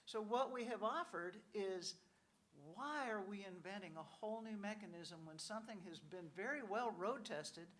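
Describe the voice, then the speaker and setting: A woman's voice: mid-range voice, lively intonation, normal speed, fairly bright tone. Woman speaking casually at a conference panel. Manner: conversational, acts out quoted officials; frequent "you know" asides. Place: conference hall.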